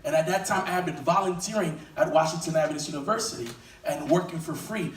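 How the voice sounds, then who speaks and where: A pastor preaching a sermon with animated energy that builds to shouting. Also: male voice, sits high, recorded from a distance. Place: church sanctuary. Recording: echoey hall recorded from afar.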